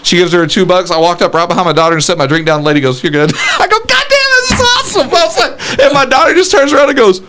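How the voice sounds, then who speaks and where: A man in his forties telling a story on a casual podcast, animated and laughing, acting out the people he quotes. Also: high-pitched, racing, few pauses, heavy background noise. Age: 40s. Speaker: podcast co-host.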